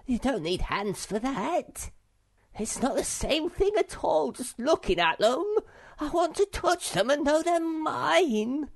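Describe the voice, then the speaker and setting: A man voicing a small, timid and greedy storybook creature with a high, whining voice. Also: steady tone, extremely slow, creaky, hardly any pauses, exaggerated voice. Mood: miserable. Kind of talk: audiobook character voice.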